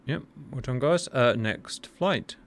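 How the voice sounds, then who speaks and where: A man's voice: medium pitch, animated, slow pace. A man hosting a flight sim debrief, joking and exclaiming playfully between updates. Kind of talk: animated gaming commentary.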